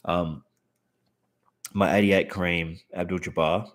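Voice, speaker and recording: A man's voice: sits low, fairly even intonation, slow pace. A man in his thirties with an Australian accent, chatting casually to camera about his cards, laid-back and swearing freely. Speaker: card collector and channel host.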